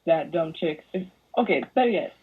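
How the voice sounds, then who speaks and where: A woman's voice: deep voice, expressive, normal speed, breathy edge. A young woman, a podcast guest, ranting animatedly in casual chat, slipping into mocking voices. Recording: tinny phone-like audio.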